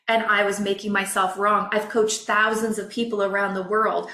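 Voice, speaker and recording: A woman coach, a podcast guest, telling a personal story in a candid, emotional, expressive way. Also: medium pitch, moderate pace, roomy sound.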